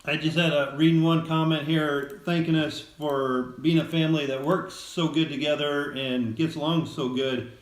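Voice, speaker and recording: Plain-spoken middle-aged farmer dad, echoey. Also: male voice, fairly high pitch, steady tone, moderate pace, few pauses. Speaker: father, farmer co-host. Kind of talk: casual livestream chat. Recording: roomy echo.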